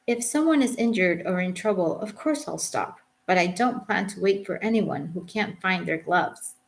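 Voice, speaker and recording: A young Englishwoman reading her own travel memoir aloud, reflective and dry in her understatement. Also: mid-range voice. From England. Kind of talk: audiobook memoir narration.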